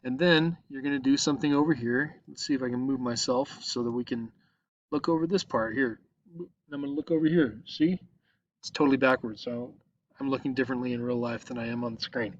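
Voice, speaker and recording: A male teacher patiently guides his students through a recorded online lesson at his computer, checking in with a frequent "okay?" after each step. His mid-range voice is brisk and fairly even in intonation. The screen recording sounds lo-fi, with no room sound.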